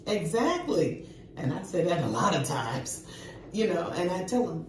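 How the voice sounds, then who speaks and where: A woman's voice: fairly low pitch, normal speed. An older woman and grandmother, co-hosting a casual chat and telling stories in an emphatic way. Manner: lively storyteller, emphatic. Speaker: co-host. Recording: echoey, distant mic with faint noise.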